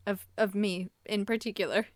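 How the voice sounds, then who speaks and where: A woman's voice: medium pitch, fairly even intonation, normal speed, no echo. A woman co-hosting a podcast in casual chat, dropping dry, teasing quips. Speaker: podcast co-host. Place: studio.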